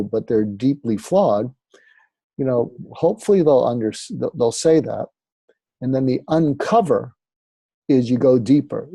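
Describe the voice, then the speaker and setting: A man's voice: medium pitch, warm tone, breathy edge, dry recording. A man, a psychiatrist and author, explaining advice as an interview guest in a conversational way, often with fillers. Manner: conversational, acts out sample dialogue, frequent fillers.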